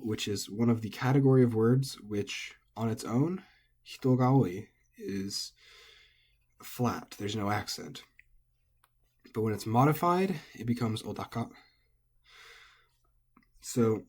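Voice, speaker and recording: A man casually and methodically explaining Japanese pitch accent word by word as a language teacher. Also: warm tone, breathy edge.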